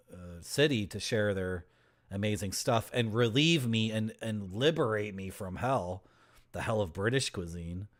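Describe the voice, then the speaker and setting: A man from Toronto, chatting and joking with his chat while playing a game, laughing often. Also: on the low side. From Toronto, Canada. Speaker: streamer. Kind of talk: casual gameplay commentary.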